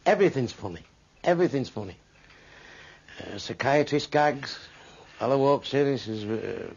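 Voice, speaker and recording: An older man, a stand-up comedian, telling crude jokes full of swearing with deadpan punchlines. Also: mid-range voice, moderate pace, vocal fry, pauses often. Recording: muffled lo-fi with faint hiss.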